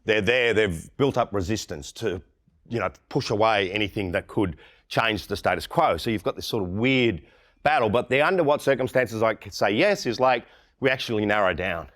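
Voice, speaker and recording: A man's voice: lowish voice, lively intonation, moderate pace, fairly bright tone. A middle-aged Australian man giving a conference keynote talk, blunt and irreverent, often mimicking the people he mocks. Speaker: keynote speaker.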